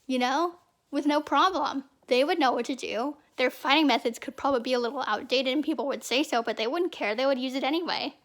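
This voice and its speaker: High-voiced young woman rambling. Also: normal speed. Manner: rambling, chatty, repeats words. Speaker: channel host. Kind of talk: casual fan commentary.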